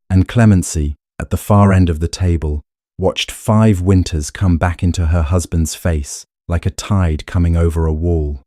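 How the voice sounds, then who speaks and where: A man narrating a period romance audiobook in a measured storytelling manner. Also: sits low, fairly even intonation, warm tone, no room sound, clean studio sound.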